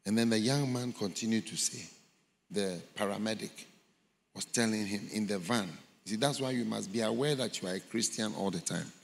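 A man's voice: fairly low pitch, fairly quick, creaky, slight background noise. A man preaching a sermon, telling a story dramatically and acting out the voices in it. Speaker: pastor. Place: large church hall. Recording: long hall reverb in a large church.

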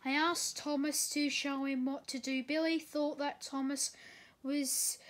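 A woman reading a children's storybook aloud, gently, with small slips and restarts. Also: high voice, little pitch movement, measured pace. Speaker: reader.

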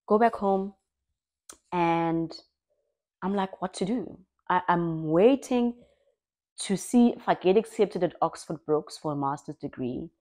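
A young South African woman telling her own story in an expressive, lively way, as a personal vlog. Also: fairly low pitch. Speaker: vlogger.

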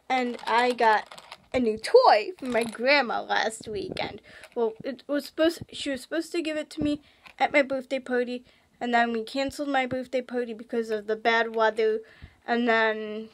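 A young woman vlogging in casual chat, rambling with restarts and gushing with excitement. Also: sits high. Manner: excitable, gushing, shrieks when thrilled.

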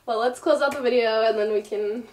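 A woman's voice: on the high side, steady tone, brisk. A young woman vlogging with her partner, giggling through her words and apologizing often. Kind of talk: casual couple vlog. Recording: echoey room, mic at a distance.

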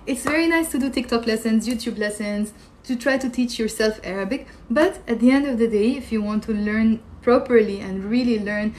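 A woman's voice: a little high, moderate pace, a little mellow, a little hiss or hum. A woman teaching an Arabic pronunciation lesson on a live stream, chatting and quizzing viewers as she reads their comments.

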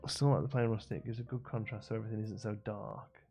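A man's voice: fairly low pitch, fairly even intonation, fast, vocal fry, dark tone, faint music behind. A man chatting with viewers during a late-night live game stream, thinking aloud and laughing often.

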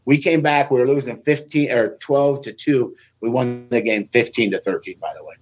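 A man's voice: mid-range voice, normal speed, muffled recording, soft background music. A man, a former Olympic wrestler guest on a podcast, telling stories casually and acting out what people said in a raised voice. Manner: animated, acts out quoted speech in a raised voice.

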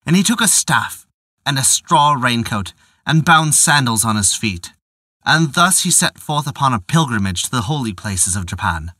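A man narrating a folk tale in a measured, old-fashioned storytelling manner. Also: mid-range voice, lively intonation, bright, forceful tone, no room sound, clean studio sound.

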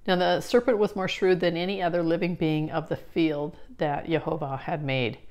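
A woman's voice: sits low, steady tone, normal speed, a little mellow. A woman explaining scripture in a casual teaching talk, chatty and full of fillers and restarts. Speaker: Bible study teacher.

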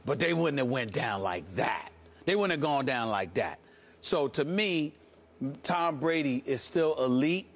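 A man making a forceful, quick case as a commentator on a sports debate show. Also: medium pitch, expressive.

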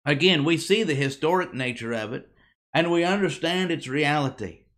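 A man preaching a sermon to a congregation, emphatic, with dramatic pauses, rhetorical questions and phrases that fall away at the end. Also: on the high side, expressive, a bit bright.

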